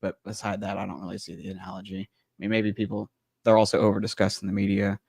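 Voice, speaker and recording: A man's voice: lowish voice, monotone, fast talker, gravelly, a little mellow, dry recording, studio quality. A man hosting a casual basketball podcast, teasing his co-hosts with wry banter. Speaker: podcast host. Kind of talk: casual sports podcast chat.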